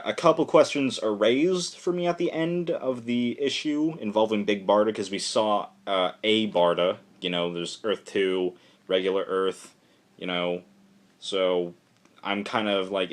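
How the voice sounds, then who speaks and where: A man casually reviewing a comic book issue for a vlog, rambling and excitable, filling his talk with "like" and "just". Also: fairly low pitch.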